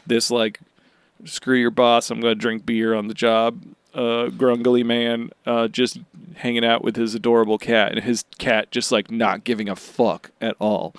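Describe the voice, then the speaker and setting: Smooth-voiced joking podcast co-host man. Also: mid-range voice, level tone, measured pace, no room sound. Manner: jokey, rambling with fillers and laughs. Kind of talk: casual chat.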